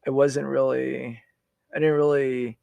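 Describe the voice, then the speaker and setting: A man's voice: mid-range voice, flat delivery, a little slow, gravelly, warm tone, clear, resonant tone, dry recording, dull audio. A man in his forties, a veteran guest on a podcast, telling his story in a rambling, casual way with many restarts and fillers.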